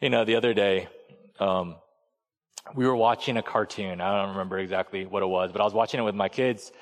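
A man's voice: fairly low pitch, fairly even intonation, fairly quick. Conversational male preacher in a reverberant hall. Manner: conversational storytelling preacher, acts out voices. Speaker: pastor. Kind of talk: sermon.

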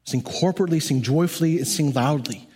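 Male music leader preaching; earnest, emphatic, conversational delivery, slightly high voice, reverberant hall. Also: a little fast, a little mellow, breathy edge. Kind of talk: sermon.

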